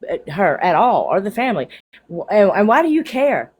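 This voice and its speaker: A woman's voice: medium pitch, very animated, moderate pace, darkish tone, husky. A woman on a live stream call, blunt and indignant, swearing as she vents. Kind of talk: heated casual chat.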